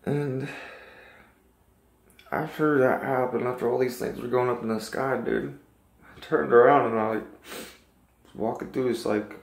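A man's voice: mid-range voice, fairly even intonation, a little slow, creaky, pauses often, reverberant. A man telling a personal dream story in a casual, rambling and earnest way, full of restarts.

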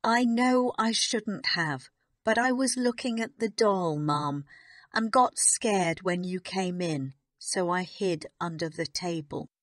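A woman's voice: fairly low pitch, takes it slowly, a bit bright, no echo, studio quality. A woman doing a tearful young kitchen maid. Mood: pleading. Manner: pleading, apologetic.

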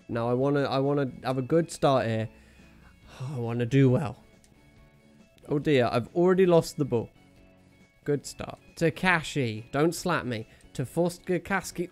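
Excitable man commentating a game. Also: fairly high pitch, brisk, faint music behind. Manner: excitable, jokey, talks to viewers and himself. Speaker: gaming channel host. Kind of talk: live video game commentary.

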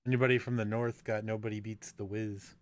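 A man's voice: lowish voice, level tone, a little fast. Laid-back wry man in casual chat.

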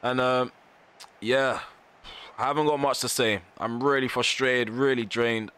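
A man's voice: mid-range voice, steady tone, a little slow, a bit bright, smooth. A man commentating live over his football video game, ranting in frustration and repeating himself in slangy phrases. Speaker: gaming YouTuber.

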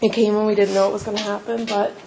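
A woman's voice: mid-range voice, flat delivery, quick pace, gravelly, warm tone, rough recording. Nervous, giggly woman in a mid voice. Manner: flustered and giggly. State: nervous, shaking. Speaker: listener being given money. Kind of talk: casual chat.

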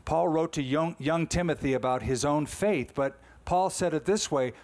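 A man's voice: fairly high pitch, moderate pace, a little mellow. A man in his sixties, a pastor delivering a conversational, emphatic sermon full of rhetorical questions.

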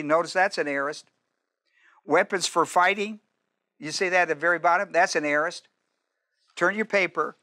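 A male pastor preaching a teaching sermon, emphatic and repetitive, slowing down to stress key commands and quizzing his listeners with questions. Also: on the high side, bright, forceful tone. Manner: emphatic, repeats phrases, slows down to stress commands.

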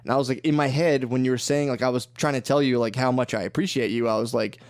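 A man's voice: mid-range voice, steady tone, fast. A man co-hosting a podcast, telling rambling, profane stories in casual chat and laughing often. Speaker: podcast co-host.

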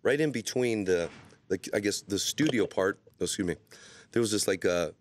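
A man with a lowish voice that swings widely in pitch, chatting as a comedy guest in a studio. He tells his story with animation and drops into deep trailer-style impressions. The talk is casual and quick to laugh. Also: lively intonation. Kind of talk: casual talk show chat. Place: radio studio.

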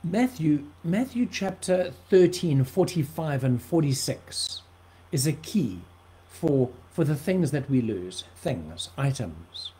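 A man's voice: on the high side, sing-song, slow, dark tone, low-quality recording. A man from South Africa preaching an earnest livestream sermon, often repeating words for emphasis.

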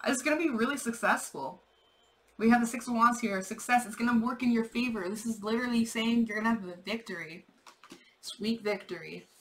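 A woman's voice: on the high side, brisk, fairly bright tone, low-quality recording. A young woman giving a casual, rambling tarot reading, repeating herself, swearing and laughing. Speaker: tarot reader.

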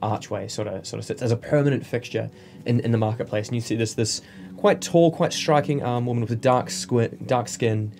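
A man's voice: medium pitch, brisk, creaky, a little mellow. A man narrating as game master of a tabletop game, with rambling descriptions full of fillers and restarts.

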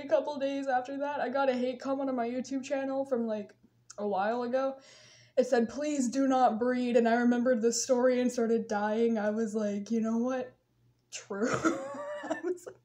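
A woman's voice: high voice, darkish tone. A young woman vlogger telling a funny personal story in a casual way, often breaking into laughter.

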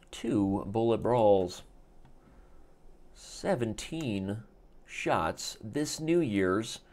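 A man voicing a portentous male TV promo announcer in slow, drawn-out teaser lines. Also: medium pitch, darkish tone. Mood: hyped.

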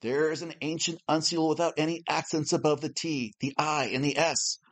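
A man teaching a Bible class, reading a prepared lesson in a measured, explanatory way and slowly spelling out letters. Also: fairly high pitch, steady tone.

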